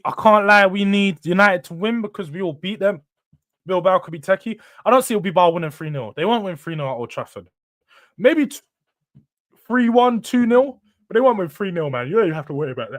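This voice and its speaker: A young man hosting a live football watchalong, chatting casually and excitably while yawning tiredly between bursts of reaction. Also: brisk, no room sound, clean studio sound. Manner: excitable, swings between hype and low-key mumbling, slangy. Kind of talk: casual live match commentary and chat.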